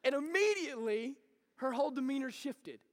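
A man, preaching a sermon and swinging from loud to hushed. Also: very high-pitched, expressive, brisk. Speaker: pastor. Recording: long hall reverb.

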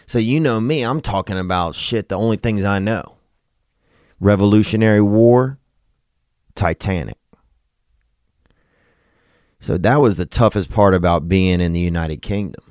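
A man's voice: on the low side, measured pace, long pauses, a little mellow, no echo, studio quality. A man from Louisiana, hosting a podcast in a rambling, profane, comedic monologue. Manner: rambling, profane, drawling asides. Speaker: podcast host.

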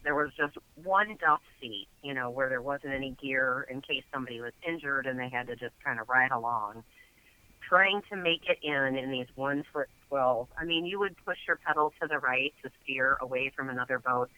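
Brief: man as a talk guest, chatty with lots of fillers, bright and forceful tone, mid pitch. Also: normal speed, clear, resonant tone, dull audio. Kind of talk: casual storytelling.

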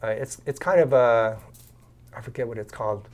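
A man's medium-pitched voice moves at a moderate pace as he spins a tale as a guest on a podcast, recorded via video call. Lively throughout, he impersonates the various people in the story.

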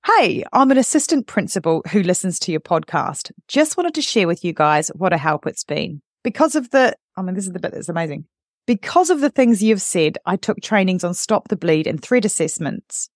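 A woman's voice: fairly low pitch, very animated, normal speed, no room sound. A woman hosting a podcast and reading a listener's letter aloud, audibly moved and choked up as she talks. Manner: emotional, choked up while reading. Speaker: podcast host. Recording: dry, close studio sound.

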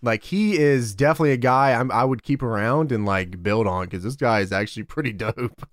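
A young man co-hosting a casual wrestling recap chat, excitable and quick to laugh, swearing casually. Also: medium pitch, no room sound. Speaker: podcast co-host recapping wrestling.

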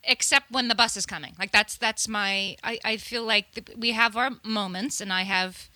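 A woman's voice: on the high side, moderate pace, bright, forceful tone, dry recording. A woman co-hosting a podcast, chatting casually, laughing easily and explaining things with lots of restarts. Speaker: podcast co-host. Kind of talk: casual chat.

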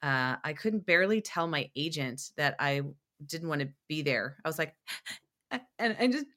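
A young woman talks on a podcast, her voice bright and forward, set a little low for a woman. She tells her stories in an animated way, with many fillers and restarts. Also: normal speed. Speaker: podcast guest. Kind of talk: casual interview chat.

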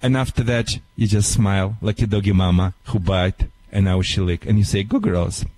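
A man with a Russian accent giving animated, theatrical dog-training advice on a radio show in broken English. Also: low voice, a little fast, no echo.

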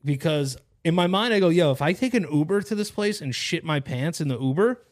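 A man's voice: on the high side, expressive, a little fast. A young man hosting a podcast, telling a long story in casual chat, rambling and profane with lots of slang. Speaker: podcast host.

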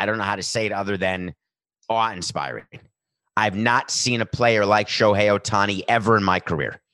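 A man's voice: lowish voice, a bit bright, dry recording, studio quality. A middle-aged man giving an emphatic, opinionated sports monologue, building his points through long repeated lists. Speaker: sports commentator.

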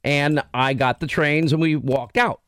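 A brash man hosts a talk radio show, teasing and talking over his staff. His voice sits a bit high, and the studio sound is close and dry with no room around it. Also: fairly even intonation, unhurried, a bit bright, no echo. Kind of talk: casual on-air banter.

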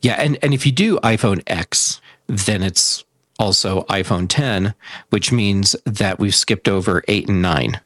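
A man's voice: fairly low pitch, measured pace, a bit bright, dry recording, studio quality. A man commenting on tech as a show guest, thinking aloud with fillers and restarts. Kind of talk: casual tech talk.

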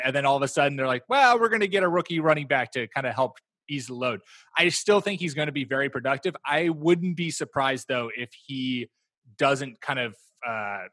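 Bright-voiced man hosting a sports podcast. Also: medium pitch, no room sound. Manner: animated, laughs, mimics others. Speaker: podcast host. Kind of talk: casual fantasy football chat.

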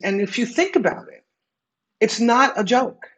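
A woman's voice: on the high side, expressive, normal speed, fairly bright tone. An older woman and retired executive, speaking as a guest in a candid interview, emphatic and reflective, often repeating her key phrases for weight.

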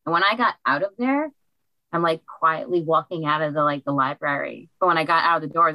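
Low-voiced female guest, bubbly chat on a cheap mic, dead-dry booth. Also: fairly quick, no echo, rough recording. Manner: bubbly, excitable. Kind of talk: casual chat. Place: library recording studio. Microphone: cheap desk microphone.

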